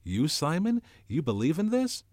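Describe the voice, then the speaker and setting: A man reading aloud and voicing a boy leader who shouts to restore order in a rowdy meeting. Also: fairly high pitch, wildly swooping pitch, moderate pace, no room sound, clean studio sound, voice pushed up. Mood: shouting. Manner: loud, commanding shouts.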